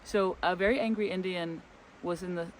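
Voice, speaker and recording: In poor audio from a windy forest, a man with a high-sitting voice and fairly even intonation speaks at a moderate pace. As co-host of a spiritual travel channel, he casually rambles through a story and acts out its dialogue, while light wind and outdoor noise sound in the background.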